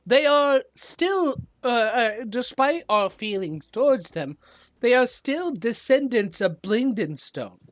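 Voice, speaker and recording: A game master voicing a diplomatic deep gnome woman leader who speaks earnestly, with hesitant fillers, on a dry close mic. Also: expressive, takes it slowly, no echo.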